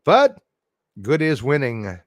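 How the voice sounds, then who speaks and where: A man's voice: medium pitch, wildly swooping pitch, takes it slowly, no echo. A man hosting a live stream from a forest, talking casually to his chat in a blunt, profane, rambling way and laughing off critics. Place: outdoors in a forest.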